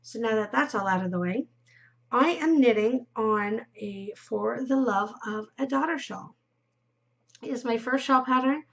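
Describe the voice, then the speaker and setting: A woman chats as she knits, her voice fairly high with a gravelly fry. She rambles and giggles, yawning now and then. The recording sounds dull and lo-fi. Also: measured pace. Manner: chatty, rambling, giggly, drops into murmurs. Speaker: knitting podcast host. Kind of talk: casual chat while knitting.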